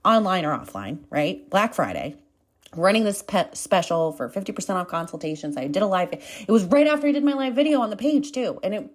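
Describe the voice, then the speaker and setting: A woman's voice: mid-range voice, big pitch swings, fairly quick. A woman hosting her own podcast, talking candidly and swearing freely as she tells a story in a casual monologue, still getting over a cold. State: recovering from a cold, coughing. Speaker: podcast host.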